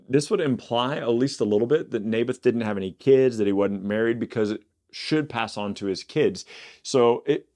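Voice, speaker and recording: A man hosting a Bible study podcast, reading scripture aloud and breaking off into casual, animated asides. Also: mid-range voice. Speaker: Bible teacher.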